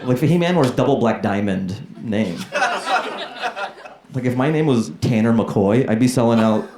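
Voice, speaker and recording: A male stand-up comedian working a club crowd with a loose, chatty delivery. His pitch swings around a lot as he acts out little voices. Laughter from the audience rolls through a roomy club. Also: animated, normal speed. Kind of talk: stand-up set with crowd work.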